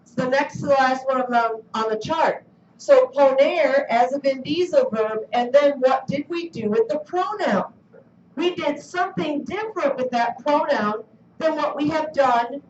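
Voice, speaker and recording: A high-pitched woman teaches a class at an unhurried pace, quizzing her students and coaxing answers out of them. She is picked up from a distance in an echoey classroom, and the recording sounds dull. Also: slight background noise. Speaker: Spanish teacher. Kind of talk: classroom lesson.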